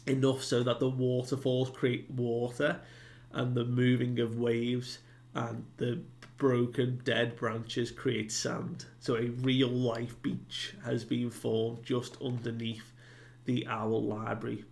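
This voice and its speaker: Gravelly, slow-talking man recapping. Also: mid-range voice, monotone, a little mellow. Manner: loose retelling with many fillers. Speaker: manga reviewer. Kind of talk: casual chapter recap.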